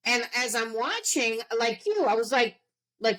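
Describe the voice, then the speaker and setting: A woman's voice: fairly high pitch, sing-song, a little slow, a bit bright, rough recording. A middle-aged woman talking casually on a podcast, emphatic and full of fillers, acting out her own reactions. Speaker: podcast guest.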